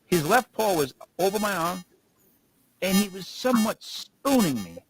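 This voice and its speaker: A man's voice: sits high, sing-song, normal speed, poor audio. A man co-hosting a podcast, rambling through casual stories and laughing as he talks. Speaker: podcast co-host.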